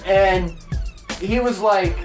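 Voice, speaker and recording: A man hosting a podcast, telling a rambling, profane story in a casual, animated way. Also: high-pitched, very slow, echoey room, recorded from a distance, music in the background. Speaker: podcast host.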